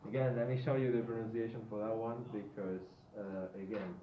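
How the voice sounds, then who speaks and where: A man teaching an English grammar lesson, slowly repeating words for pronunciation drills and checking in with "yeah?". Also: on the low side, noisy background. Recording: tinny phone-like line in an echoey room.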